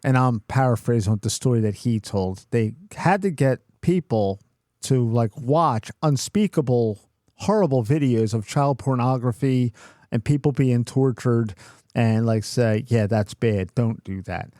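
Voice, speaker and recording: A man's voice: mid-range voice, a little slow, warm tone, no echo, studio quality. A middle-aged man co-hosting a podcast, telling a workplace story in a cursing, ranting way. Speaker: podcast co-host. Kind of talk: casual chat.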